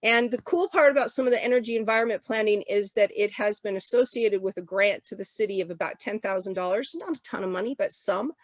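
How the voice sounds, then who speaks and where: Fast-talking woman briefing a video call. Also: mid-range voice, dry recording. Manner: rapid-fire auctioneer-style delivery. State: sick. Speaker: regional development commission presenter. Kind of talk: briefing presentation at an online summit.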